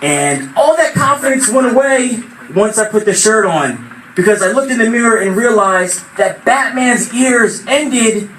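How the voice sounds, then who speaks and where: A young man telling an animated stand-up story at an open mic, now and then shouting out quoted voices. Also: extremely high pitch, measured pace. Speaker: stand-up comedian. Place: small venue at open mic night. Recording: echoey room, far from mic, noisy.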